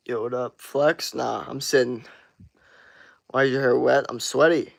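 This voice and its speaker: A man's voice: mid-range voice, steady tone, measured pace, gravelly. A man in his twenties livestreaming, chatting casually with his viewers and reacting to comments with frequent swearing. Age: 20s. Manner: laid-back, swears a lot, reacts to chat. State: just out of the shower.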